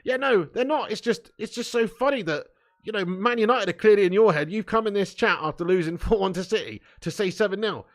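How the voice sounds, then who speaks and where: A man's voice: high voice, a little fast. A man hosting a live football watch-along, reading chat comments aloud with mocking banter, swearing and laughing.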